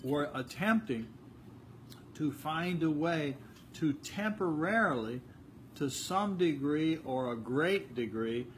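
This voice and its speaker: Older male teacher, slightly high voice, chatty talk with small acted exchanges, faint noise behind. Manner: conversational, repeats words, acts out little dialogues. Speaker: spiritual teacher. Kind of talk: informal spiritual talk.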